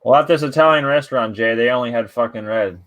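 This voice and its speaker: A man's voice: medium pitch, quick pace, a bit bright. A man from Canada hosting a podcast, chatting casually with lots of swearing and laughter. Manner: laid-back, profane, laughs often. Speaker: podcast host. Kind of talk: casual chat.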